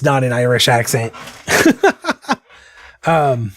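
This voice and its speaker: A man's voice: medium pitch, takes it slowly, pauses often, no echo, studio quality. A man chatting casually while he draws, drifting off on tangents and poking fun at himself. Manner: rambling, tangent-prone, self-mocking. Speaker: artist streaming a drawing session. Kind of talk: casual chat while drawing.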